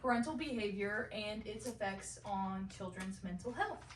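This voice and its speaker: A young woman giving a class presentation, halting now and then with fillers and restarts. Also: medium pitch, slight background noise. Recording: echoey room, mic at a distance.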